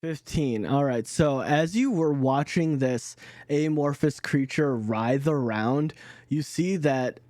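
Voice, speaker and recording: A man's voice: mid-range voice, takes it slowly, a little mellow, dry recording. A man narrating a tabletop game as dungeon master, often laughing and restarting his sentences.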